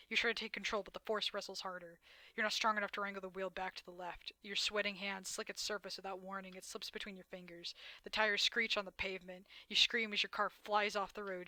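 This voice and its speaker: A woman's voice: medium pitch, pushed and bright, no room sound. A woman streamer reading a dating game aloud, dramatic narration broken by blunt, swearing asides.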